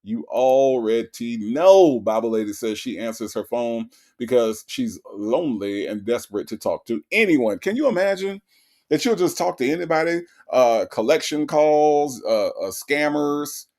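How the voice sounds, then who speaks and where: Man, host, comedic stream commentary, mocking, laughs a lot, reads chat aloud, mid pitch. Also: animated, moderate pace, darkish tone.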